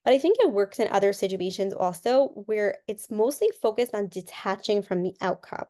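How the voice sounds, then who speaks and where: A woman's voice: mid-range voice, animated, moderate pace, warm tone. A woman, a guest counselor and coach, talking casually in an interview and explaining ideas through examples, often repeating a word as she restarts.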